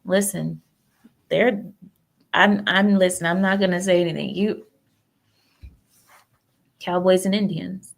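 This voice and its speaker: Gravelly-voiced woman hosting a casual stream. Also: on the low side, fairly even intonation, slow pace, pauses often. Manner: chatty, rambling, opinionated, talks back to chat. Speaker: livestream host. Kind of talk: casual political chat with viewers.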